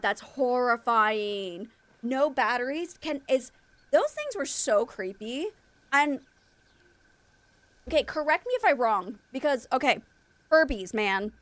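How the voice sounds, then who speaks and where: With a high-sitting voice and no echo, a woman chats casually with viewers as she plays a game on stream. Once a teacher and now a mother, she talks in a lively, rambling way laden with fillers.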